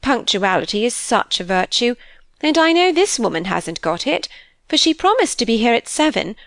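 A woman's voice: mid-range voice, very animated, a little slow, no echo. A woman voicing a fussy, complaining older aristocratic mother in an audiobook, speaking in an injured, fretful tone. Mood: aggrieved.

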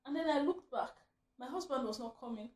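A woman with a high voice tells a story in a roomy, echoing space. She chats casually and stays animated, laughing often and acting out her own shouts. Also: fairly quick, slight background noise. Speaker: vlogger telling a story. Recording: roomy echo.

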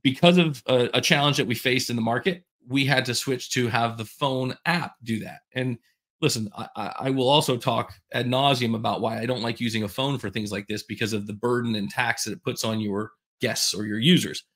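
A man's voice: mid-range voice, fairly even intonation, a little fast, fairly bright tone. A man hosting a podcast alone, talking candidly in a casual, self-deprecating way, with rambling asides. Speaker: podcast host. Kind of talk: casual solo podcast talk.

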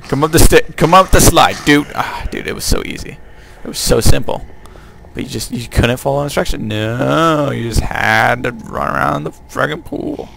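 A man's voice: mid-range voice, moderate pace, vocal fry, hardly any pauses, a bit bright, a little hiss or hum. A man doing let's play commentary, goofy and joking, talking back to the enemies on screen. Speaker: gameplay commentator.

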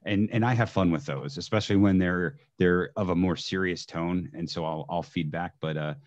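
A man's voice: low-pitched, normal speed. A man as a podcast guest in casual chat, easygoing and hesitant, often restarting his sentences. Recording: dull lo-fi audio.

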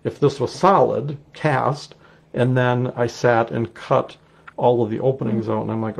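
A middle-aged man with a Wisconsin accent, demonstrating a clay technique in a relaxed, chatty way as he works. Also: medium pitch, measured pace, vocal fry, breathy edge. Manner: relaxed, chatty, explains while working. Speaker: clay artist teaching a technique. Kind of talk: casual live demonstration.

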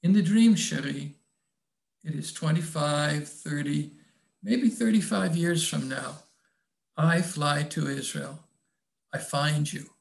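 A man voicing a tender, tearful young woman in love, speaking softly and dropping in French endearments. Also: fairly high pitch, takes it slowly, creaky, long pauses.

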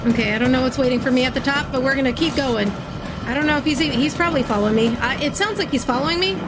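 A woman's voice: high voice, rapid-fire, over music. A woman commenting on a horror game as she plays, yelping and talking herself through the scares. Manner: jumpy, yelps and talks herself through scares. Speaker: gaming streamer.

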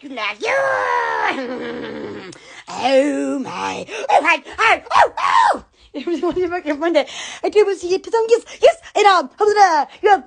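A woman hosting a casual live stream, giddy and excitable, laughing and squealing often. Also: extremely high pitch, slow, creaky, raised voice.

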